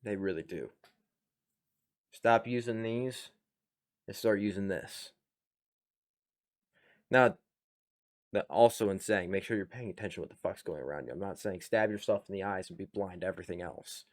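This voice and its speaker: A blunt, profane man hosts a reaction video. His voice sits a little low, and he talks in loose, emphatic commentary that is full of swearing. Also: moderate pace, long pauses.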